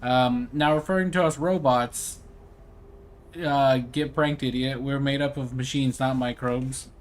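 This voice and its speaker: A man's voice: mid-range voice, fairly even intonation, a little slow. A young man casually commenting on his gameplay, rambling with fillers and slang. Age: young adult. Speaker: gameplay streamer.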